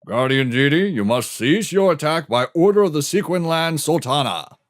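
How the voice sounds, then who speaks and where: A man's voice: fairly high pitch, lively intonation, normal speed, no room sound, voice pushed up, natural voice. A man voicing a stiff royal guard who proclaims orders in a formal manner. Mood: officious. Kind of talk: voicing game dialogue in a let's play.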